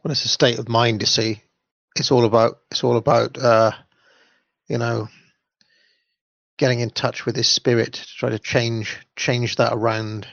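A man's voice: mid-range voice, flat delivery, a little slow, vocal fry, pauses often, fairly bright tone, no echo, dull audio. A man chatting casually and jokingly with hesitant fillers. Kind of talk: casual chat.

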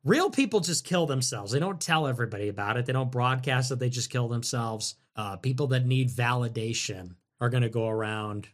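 A man hosting a livestream, reading out donations and answering them in a sarcastic, mocking way that swings from loud mimicry to low mutters. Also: fairly quick, hardly any pauses. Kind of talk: casual livestream commentary.

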